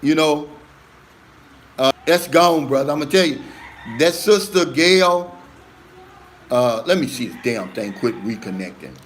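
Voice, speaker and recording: A man's voice: fairly high pitch, lively intonation, measured pace, long pauses, slight background noise. A middle-aged man hosting a casual live stream, reading viewer comments aloud and answering them in an earnest, emphatic way, often calling viewers "man" and "brother".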